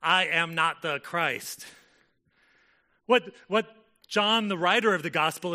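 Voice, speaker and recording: Bright-voiced man preaching a casual sermon. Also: high-pitched. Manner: conversational, frequent "like" fillers, self-correcting. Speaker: pastor.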